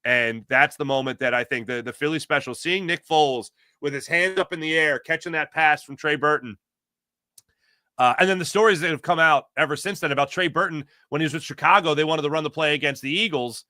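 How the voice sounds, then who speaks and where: A man, a guest telling excited stories in casual chat. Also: on the high side, fairly quick, no echo, studio quality. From Philadelphia. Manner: excited storytelling, animated.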